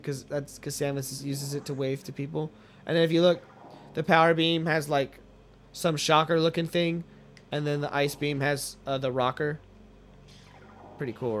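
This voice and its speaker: High-voiced joking gamer man. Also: a little hiss or hum. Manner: joking, profane, playful bursts of goofy shouting. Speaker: let's play gamer. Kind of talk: casual gameplay commentary.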